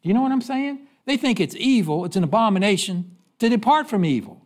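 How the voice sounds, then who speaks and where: A man preaching a sermon, telling stories and asking the congregation questions, then dropping low to give the answers. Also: sing-song, fast. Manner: preaching with call-and-response questions and sudden drops to a low voice. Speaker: pastor.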